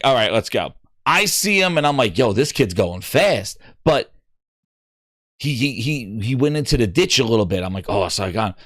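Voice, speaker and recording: A middle-aged man hosting a gaming show, telling an excitable story and acting out what other people said. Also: fairly high pitch, dry recording, studio quality. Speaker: gaming podcast host. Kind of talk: animated storytelling.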